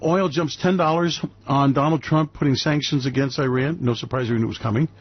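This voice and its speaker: A man hosting a market commentary radio show, talking in a loud, brash, sarcastic way and mocking people with put-on voices. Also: medium pitch, fairly even intonation, brisk, breathy edge. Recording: dry, slightly dull lo-fi recording.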